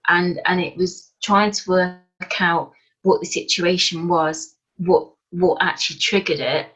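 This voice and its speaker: A woman's voice: fairly low pitch, a bit bright, breathy edge. A woman guest on a podcast, telling her story in an earnest, plain-spoken way. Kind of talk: casual interview chat. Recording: dull lo-fi remote call audio.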